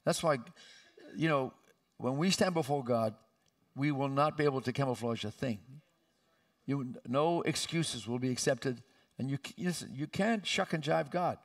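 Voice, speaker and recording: Recorded far from the mic in a church sanctuary, this male pastor preaches at a moderate pace with an emphatic delivery punctuated by abrupt, loud, high-pitched bursts.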